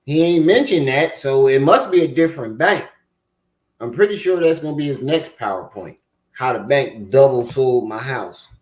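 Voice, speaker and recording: A man's voice: medium pitch, expressive, normal speed, reverberant. A man hosting a reaction commentary, mocking and talking back at the clips he plays. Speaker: commentary host.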